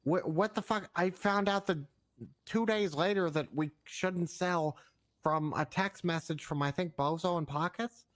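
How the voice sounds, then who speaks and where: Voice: medium pitch, a little slow. A speaker in a role-play meeting, rambling and stumbling over words. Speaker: gang member in role-play. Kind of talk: in-character meeting talk.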